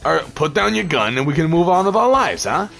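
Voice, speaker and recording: Dude doing a cocky squad leader voice, raised pitch, chill and confident. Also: male voice, animated, fairly quick, creaky, fairly bright tone, faint music behind. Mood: coaxing. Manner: breezy, confident, put-on accent.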